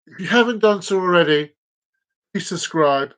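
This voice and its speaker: Male streamer with a high voice, rambling and repetitive, stumbles over words, relaxed solo live chat. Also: normal speed, low-quality recording. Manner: rambling, repeats phrases, trips over words.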